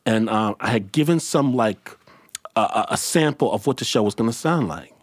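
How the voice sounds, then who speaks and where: A man's voice: on the low side, lively intonation, no echo, clean studio sound. Thoughtful man hosting a roundtable. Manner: reflective, halting with many restarts. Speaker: host. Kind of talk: casual roundtable chat.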